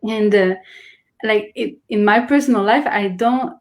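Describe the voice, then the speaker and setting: A woman talks earnestly in a casual conversation. She explains slowly, starts sentences over and searches for words. Her voice sits at a medium pitch. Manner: earnest, explains with many restarts and fillers. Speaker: guest.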